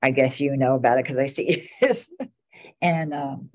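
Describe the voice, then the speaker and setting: Very low-voiced chatty woman. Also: moderate pace. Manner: chatty, rambling anecdotes. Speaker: town commissioner. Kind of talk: casual storytelling at a meeting. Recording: dull lo-fi meeting recording.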